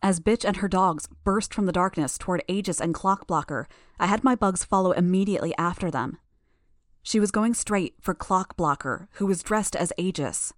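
Woman narrator, lowish voice, dry close mic, steady first-person storytelling. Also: normal speed, no echo. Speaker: audiobook narrator.

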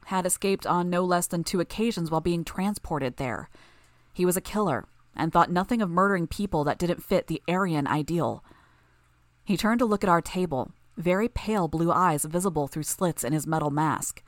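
A woman narrating a fan audiobook chapter in a steady, measured reading. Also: lowish voice, no room sound, clean studio sound.

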